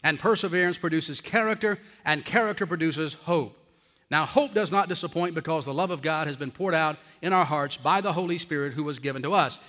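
A man with a high, bright, forceful voice preaches a sermon as pastor, pressing hard on his key phrases and slowing them almost to a crawl. His voice rings out with the long reverb of a large hall, like a church sanctuary.

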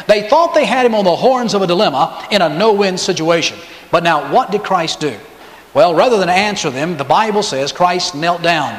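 A high-voiced man delivers a sermon, telling the story and acting out the people he quotes. His voice rings through an echoing hall with a long reverb tail. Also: lively intonation, moderate pace. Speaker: pastor.

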